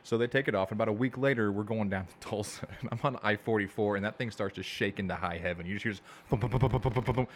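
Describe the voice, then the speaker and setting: A man's voice: fairly low pitch, quick pace, few pauses, slight background noise. A man co-hosting a casual podcast and telling a road trip story, laughing as he goes. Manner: laughs through his own stories. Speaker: podcast co-host. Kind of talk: casual chat.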